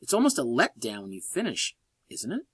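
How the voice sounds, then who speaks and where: Joking, animated college English instructor. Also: male voice, medium pitch, a little fast, slightly rough, dry recording. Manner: lively, joking asides, sarcastic. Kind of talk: recorded lecture narration.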